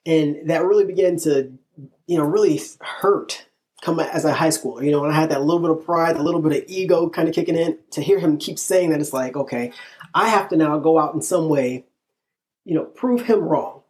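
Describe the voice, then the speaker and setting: Lively male storyteller from Illinois. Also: fairly high pitch, a little fast. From northern Illinois, USA. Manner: lively narration, acts out quoted dialogue, laughs often. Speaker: interview guest. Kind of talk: personal storytelling.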